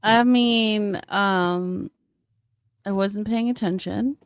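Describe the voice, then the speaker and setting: A woman co-hosts a comedy podcast with blunt, offhand replies. Her voice sits in a middle pitch, and the sound is dry and close. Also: very slow, clear, resonant tone, no echo. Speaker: podcast co-host. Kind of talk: casual comedic podcast banter.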